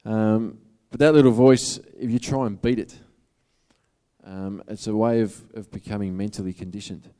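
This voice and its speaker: A man with an Australian accent speaks as a motivational speaker in a casual, earnest way. His voice sits fairly low and sounds smooth and resonant. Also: fairly even intonation, normal speed, warm tone. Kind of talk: public talk to an audience.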